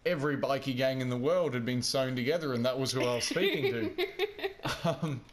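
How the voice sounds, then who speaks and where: A man's voice: mid-range voice, sing-song, brisk. A man telling a rambling, self-deprecating story in casual chat while he plays a game. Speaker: gaming vlogger.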